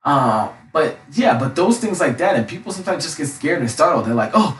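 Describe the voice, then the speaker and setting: A young man who coaches, talking loudly and passionately in a casual monologue, often tagging his sentences with a question. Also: on the high side, big pitch swings, brisk, a little hiss or hum. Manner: loud and passionate; frequent tag questions. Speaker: life coach. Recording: roomy, mic at a distance.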